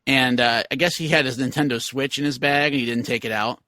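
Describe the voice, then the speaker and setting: Bright-voiced man telling rambling anecdotes. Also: mid-range voice, steady tone, quick pace, no echo. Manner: rambling anecdotal storyteller, many fillers. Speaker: podcast co-host. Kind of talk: casual chat.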